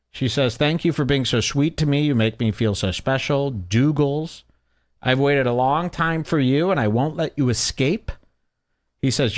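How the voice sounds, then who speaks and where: A man's voice: medium pitch, unhurried. A man hosting a casual commentary show, reading posts aloud with sardonic asides and mocking quote voices. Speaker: show host.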